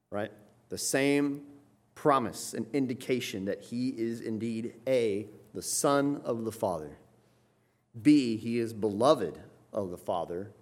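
Preaching an expository sermon in a fairly low-pitched voice, a man explains points along the way, repeatedly asks "right?", and rises into loud, emphatic stretches.

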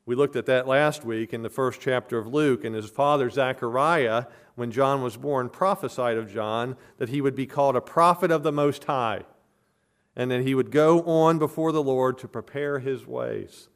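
A man's voice: mid-range voice, normal speed. A man preaching an expository sermon as a pastor, earnest and emphatic, hammering home points with repeated phrases.

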